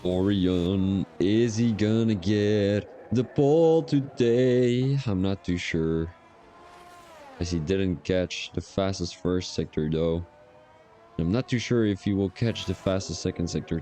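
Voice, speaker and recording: A man with a low, dark voice speaks without hurry while commentating a sim racing league qualifying session on a live stream. He's chatty, and between lap calls he drifts into rambling personal asides.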